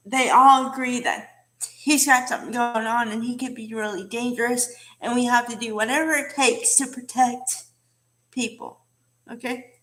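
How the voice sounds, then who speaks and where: A woman's voice: fairly high pitch, a bit bright. A woman casually recapping a soap opera episode, chatty with many fillers and asides.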